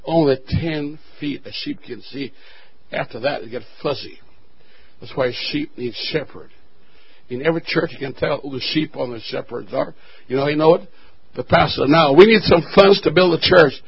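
A male pastor preaching a fiery sermon with call-and-response, building to shouted refrains. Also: medium pitch, moderate pace, creaky, lo-fi sound, slight background noise.

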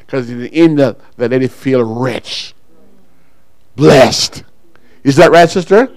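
Preaching to his congregation, a pastor calls people up front and pauses for call-and-response. His voice is medium-pitched and a little mellow, captured in a dry but poor-quality recording.

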